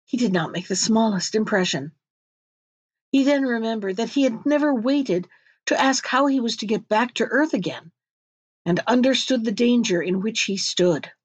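A woman narrating a fairy tale in a measured, expressive storybook reading. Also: fairly high pitch, dry recording, muffled recording.

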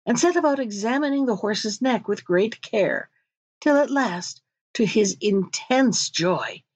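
A woman's voice: on the high side, darkish tone, no echo, highs cut off. Give me a woman reading a storybook. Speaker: narrator.

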